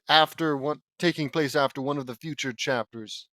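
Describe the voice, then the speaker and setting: A man's voice: a little high, normal speed, few pauses, dry recording. Male host for a comedy fanfic read-along, sarcastic and exasperated, dry close-mic sound. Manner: sarcastic, exasperated asides, jumps to loud disbelief. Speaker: host reading and mocking a fanfic. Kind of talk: comedic audiobook reading with sarcastic commentary.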